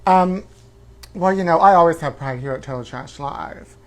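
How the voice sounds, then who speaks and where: Here a man performs a brassy, self-absorbed woman hosting a tabloid talk show, a campy gossip character for a comedic livestream. She drawls, calls everyone honey, and lets out sudden whooping shrieks. His natural voice is fairly high and runs at normal speed.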